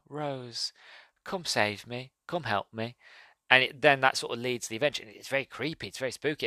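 Bright-voiced enthusiastic male book reviewer. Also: mid-range voice, no room sound. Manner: enthusiastic, rambling, self-correcting. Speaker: podcast host reviewing a book. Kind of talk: casual spoken book review.

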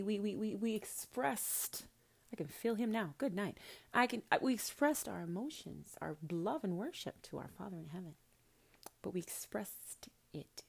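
A woman calling herself a prophetess gives a casual spiritual talk to the camera. She is intimate and coaxing, calls the listener honey, swears casually and sometimes drops to a whisper. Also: medium pitch. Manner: drops into soft whispers at times. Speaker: self-described prophetess.

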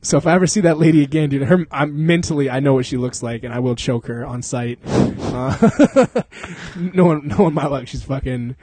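A man's voice: mid-range voice, moderate pace, warm tone, slightly rough, dry recording. A man casually telling a story as podcast host, swearing freely, laughing often and acting out the people in it.

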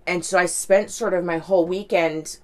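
A woman's voice: lowish voice, steady tone, moderate pace. A woman talking candidly in a casual reflective monologue, rambling, with lots of "like" and "right?".

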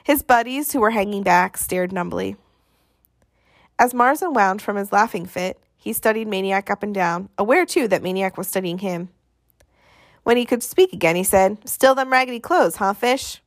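A woman reads a novel aloud in an expressive storytelling manner, acting out the characters as she goes. Her voice sits at a middle pitch, recorded close and dry. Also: normal speed, dry recording. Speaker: audiobook narrator. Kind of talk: scripted narration.

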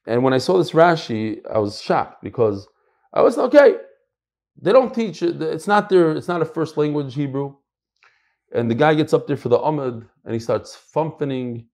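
An American man teaching a Talmud class, emphatic and animated, mixing in Hebrew and Yiddish terms. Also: a little high, normal speed, vocal fry. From United States. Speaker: Torah teacher.

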